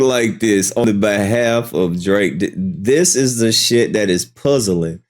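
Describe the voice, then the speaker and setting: A man's voice: fairly low pitch, slow, darkish tone. A man reacting to a clip in casual commentary, incredulous and mocking, swearing freely.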